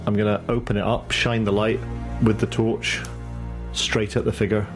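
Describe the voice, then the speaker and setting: A man playing a tabletop game, talking haltingly with many restarts. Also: lowish voice, little pitch movement. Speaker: player. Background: background music.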